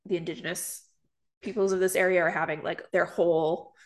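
A woman's voice: lowish voice, level tone, fairly quick. Chatty young Canadian woman, casual podcast talk. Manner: chatty, lots of "like" and "um" fillers. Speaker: podcast co-host. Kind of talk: casual chat.

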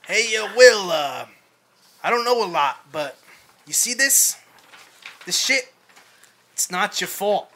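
A man reenacting an older therapist in an exaggerated put-on Boston accent, loud and pushy. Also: sits high, expressive, slow pace, pauses often, voice pushed up, exaggerated voice. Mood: hammy.

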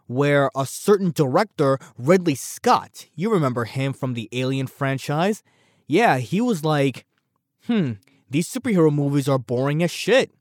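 A man hosting a solo commentary podcast, rambling and animated, swearing freely as he talks. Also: mid-range voice, dry recording, studio quality. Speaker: podcast host.

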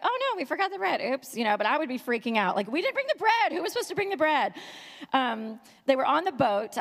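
A woman in her thirties preaches in a playful, conversational way and keeps pulling the congregation into the talk. Her voice sits a little high. It rings out with a long reverb in a church hall. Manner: chatty, joking, asks the audience to talk back. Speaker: guest speaker. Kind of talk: conversational sermon. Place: church sanctuary.

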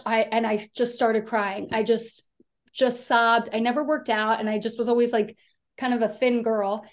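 A woman's voice: fairly high pitch, steady tone, moderate pace. A woman from the US East Coast, a podcast guest, telling her personal story in a chatty, rambling way full of fillers. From Delaware, US East Coast.

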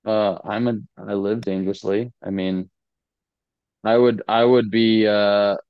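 A man's voice: on the low side, fairly even intonation, unhurried, clear, resonant tone, no room sound. A man who is a guest on a podcast, joking and rambling in casual banter about himself. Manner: joking, rambling, self-mocking. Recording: dull lo-fi podcast audio.

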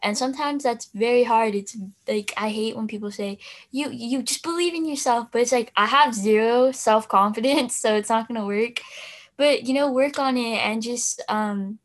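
A teenage girl chats on a podcast about her student club, her voice pitched a little high. She rambles, fills pauses with "um" and "like" and laughs easily as she talks. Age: teens. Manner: chatty with many fillers and laughs. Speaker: student FFA officer. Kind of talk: casual podcast chat.

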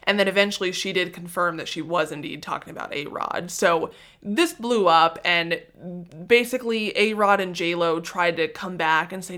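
A woman's voice: lowish voice, normal speed, fairly bright tone. A young woman hosting a solo celebrity gossip podcast, chatty, sarcastic and self-mocking. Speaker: podcast host.

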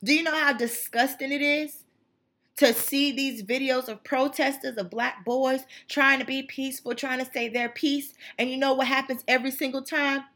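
Woman w/ going off on a fiery rant, kinda high, bit husky. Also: steady tone, moderate pace, a bit bright. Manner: fiery, emphatic, repetitive. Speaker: channel host. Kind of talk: impassioned monologue.

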